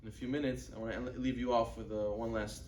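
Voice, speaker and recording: A man's voice: little pitch movement, quick pace, darkish tone, far from the mic, slight background noise. A man giving a religious lecture, telling stories and acting out quoted dialogue with Hebrew religious terms. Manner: acts out quoted dialogue, rising in pitch for characters; peppers speech with Hebrew and Yiddish religious terms. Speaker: rabbi giving a Torah class. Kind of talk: sermon-style lecture with storytelling. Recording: echoey room, speaker off-mic.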